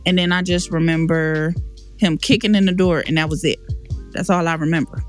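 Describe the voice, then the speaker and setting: A woman's voice: sits low, steady tone, fairly quick, soft background music. Woman telling a raw personal story. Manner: emotional, slangy and frank, with many restarts. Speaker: podcast guest.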